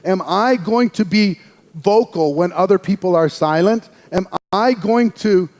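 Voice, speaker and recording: A man telling a personal story in a lively speaking style, acting out the voices of the people in it. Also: high-pitched, a little slow, in a large hall. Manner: animated, acts out quoted voices. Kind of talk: storytelling speech.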